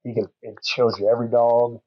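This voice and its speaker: A man's voice: medium pitch, little pitch movement, fairly quick, no echo, highs cut off. A middle-aged man telling a long hunting story on a podcast, rambling and folksy with plenty of fillers. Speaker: podcast guest. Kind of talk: casual storytelling.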